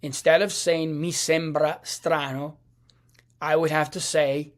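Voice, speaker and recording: A man teaching a language lesson over slides, speaking slowly with many fillers and restarts. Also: fairly high pitch, level tone. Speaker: Italian teacher.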